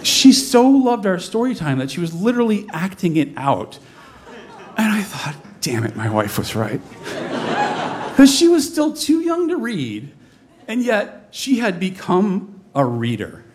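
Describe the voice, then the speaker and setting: A man in his forties telling a comic personal story on stage, with a lively, animated delivery. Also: high voice, measured pace, slight background noise. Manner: comic, animated, mimics voices in quotes. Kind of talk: live storytelling performance. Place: stage before an audience.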